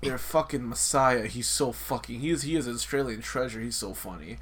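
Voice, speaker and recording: A man's voice: medium pitch, a little fast, a bit bright, a little hiss or hum. A man co-hosting a podcast, rambling in casual banter, cursing often and restarting his sentences. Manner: rambling, profane, laughs a lot, many restarts. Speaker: podcast co-host.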